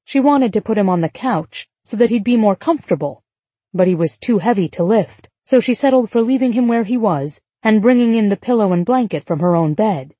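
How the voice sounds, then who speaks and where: A woman narrates an audiobook in a measured, even storytelling style, recorded on a close studio mic. Her pitch is medium and the recording is dry, with scripted narration throughout.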